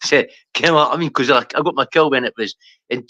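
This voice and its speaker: A man's voice: medium pitch, a little fast, bright, forceful tone, no room sound. Scottish guy rambling off on tangents, swears a lot, dry close sound. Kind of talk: casual chat.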